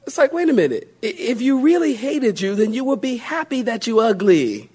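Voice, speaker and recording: A man's voice: extremely high pitch, very animated, a little mellow, husky. A male pastor preaching a sermon, drawing out key phrases and mocking self-pity with playful put-on voices. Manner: drawn-out emphatic phrases.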